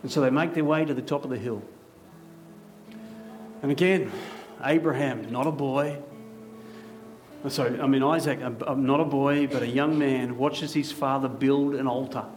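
A male pastor preaching a sermon in a church, telling a story vividly with dramatic pauses. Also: mid-range voice, steady tone, faint music behind. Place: church hall.

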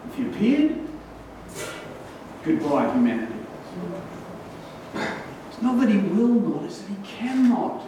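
With big swings in his pitch, a male pastor whose voice sits high for a man pushes an emphatic sermon, often slowing and repeating lines to hammer them in. The sound rings through a large hall from a mic placed some way off, with a faint hiss beneath.

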